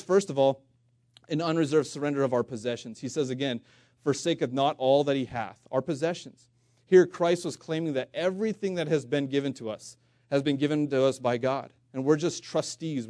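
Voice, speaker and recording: A man preaching a sermon in a mellow, relaxed tone, close and dry with little room sound. He talks earnestly to his congregation, asks rhetorical questions and restarts his phrases. He lifts his voice when he reads old-fashioned scripture. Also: a little high, dry recording. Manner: reads scripture aloud in King James wording, louder and slower.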